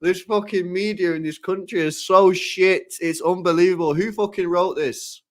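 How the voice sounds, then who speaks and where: A man's voice: high voice, fairly even intonation, moderate pace. A young man chatting casually on a football stream, exasperated, swearing often and laughing.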